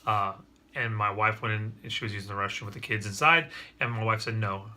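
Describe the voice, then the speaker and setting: Man, casual vlog, earnest energetic storyteller, very bright forceful voice, frequent restarts. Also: lowish voice, fast talker, slight background noise. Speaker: father vlogging about parenting.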